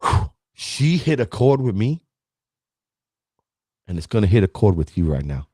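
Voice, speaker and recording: A man's voice: lowish voice, sing-song, measured pace, mellow, breathy edge, dry recording, clean studio sound. A man hosting a motivational livestream, preaching about never quitting and greeting viewers by name, at times choked up. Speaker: livestream host. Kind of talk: motivational live stream talk.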